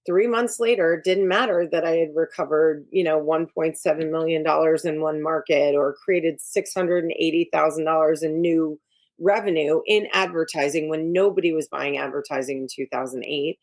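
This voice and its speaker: A woman's voice: low voice, steady tone, moderate pace, darkish tone. A middle-aged woman, an executive coach, talking frankly and emphatically as a guest in a casual interview. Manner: frank and emphatic, giving advice.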